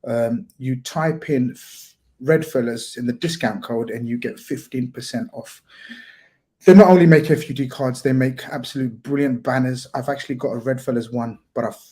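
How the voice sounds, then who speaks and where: A man's voice: medium pitch, normal speed. Chatty man hosting a stream. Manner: chatty, teasing, excitable. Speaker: host. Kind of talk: casual live-stream chat.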